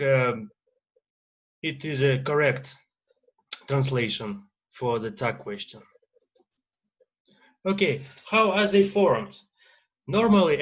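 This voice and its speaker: A man with a Russian accent teaching an English grammar lesson, pausing often with "uh" fillers. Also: fairly high pitch, highs cut off. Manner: lecturing with many uh fillers and pauses.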